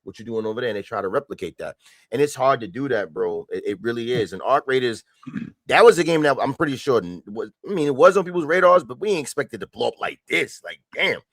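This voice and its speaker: A man's voice: mid-range voice, animated, a little fast, a bit bright, no echo. A man in casual podcast chat who talks in an emphatic, slangy way. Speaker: podcast co-host.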